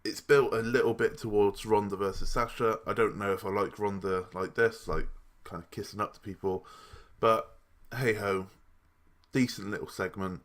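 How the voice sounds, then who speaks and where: A man's voice: lowish voice, steady tone, moderate pace. A young man giving a casual, rambling review of a wrestling show. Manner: chatty and rambling, with restarts and asides.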